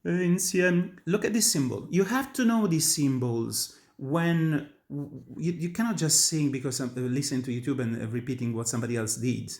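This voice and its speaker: Italian-accented tenor giving a singing lesson. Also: male voice, on the high side, normal speed, vocal fry, few pauses, darkish tone. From Italy. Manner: earnest, emphatic teaching with frequent restarts. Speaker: opera tenor and voice teacher. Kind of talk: instructional talk on singing.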